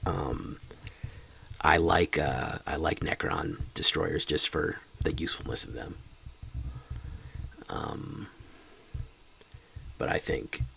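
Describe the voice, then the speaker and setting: Low voiced guy streaming a card game, gravelly, chatty, bit of hiss behind. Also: slow, long pauses, sharp tone. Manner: chatty, joking asides to chat. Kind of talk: casual game commentary.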